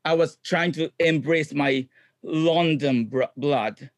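A man being interviewed as a guest, speaking halting, non-native English with restarts and fillers. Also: fairly high pitch, no echo. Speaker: guest, clown comedian and improviser. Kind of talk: casual interview.

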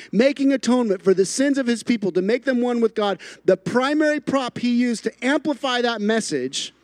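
A man's voice: extremely high pitch, no room sound. A man preaching a sermon as a pastor, emphatic and building through repeated phrases, with playful asides.

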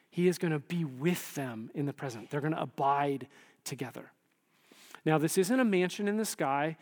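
A man preaching a sermon in a conversational, animated way, often checking in with the listeners. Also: a little high, big-room sound. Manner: conversational, animated, frequent "right?" asides. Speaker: pastor.

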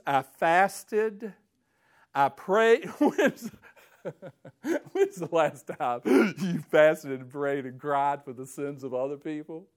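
A man preaching a sermon, reading scripture aloud with slow emphasis and swinging from hushed tones to near-shouting fervor. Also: a little high, lively intonation.

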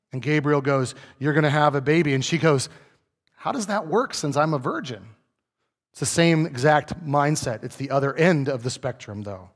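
A man's voice: fairly high pitch, big-room sound. A man preaching a conversational sermon, acting out the dialogue of the people he quotes. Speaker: pastor.

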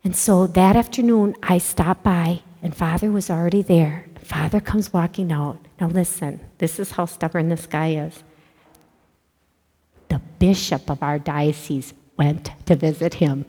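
A woman giving a religious talk to children, telling stories with dramatic hushed asides. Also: lowish voice, a little slow, husky. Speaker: catechist speaking to kids. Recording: long hall reverb.

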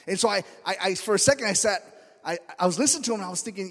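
A man's voice: high voice, racing, in a large hall. A male pastor preaching a conversational sermon, telling stories and acting out the voices of the people in them. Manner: conversational storytelling, acts out quoted voices. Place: church sanctuary.

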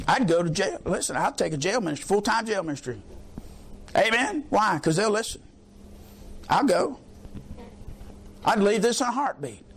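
A man's voice: sits high, animated, moderate pace, long pauses, slight background noise. A middle-aged man preaching a sermon in an emphatic, rhetorical call-and-response manner.

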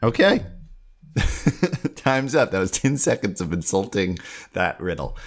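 A man's voice: sits low, normal speed, faint music behind. Playful young man hosting a podcast. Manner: playful, animated, jokey asides. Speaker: podcast host. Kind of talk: solo comedic podcast chat.

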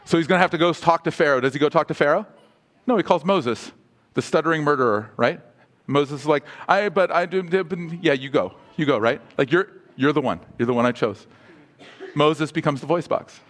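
A man's voice: fairly high pitch, brisk, a bit bright. A man preaching a sermon as pastor, asking the congregation questions and dropping humorous asides.

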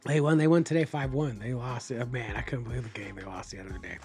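A man hosting a podcast, telling animated, profane stories in casual chat and acting out what people said. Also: mid-range voice, fast talker, soft background music. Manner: profane, animated storyteller, acts out quotes. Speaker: podcast host.

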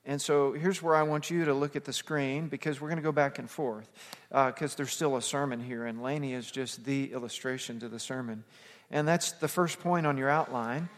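A man preaching as a pastor, emphatic and slowing down to stress key words. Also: mid-range voice, fairly even intonation. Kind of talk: sermon. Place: church sanctuary. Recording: long hall reverb.

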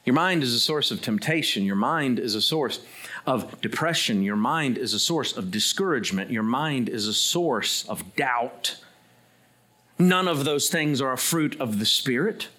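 A middle-aged man preaching a sermon as pastor, swinging between loud, high bursts and low, quiet asides. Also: lively intonation, measured pace.

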